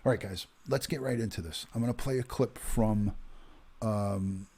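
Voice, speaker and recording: Husky low-voiced man in his fifties. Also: moderate pace, warm tone. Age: 50s. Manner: chatty, greets viewers by name, many ums and uhs. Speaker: retired police detective hosting a livestream. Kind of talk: casual livestream chat.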